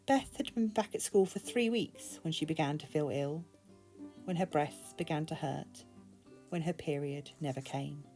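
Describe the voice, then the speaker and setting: A woman's voice: low-pitched, moderate pace, dark tone, faint music behind. British woman reading a novel aloud. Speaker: booktube reader.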